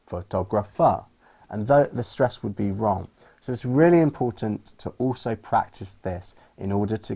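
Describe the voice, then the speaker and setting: A man with a British accent teaching English pronunciation, explaining clearly and demonstrating stress with example sentences. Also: on the low side, mellow. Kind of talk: explaining lesson to camera.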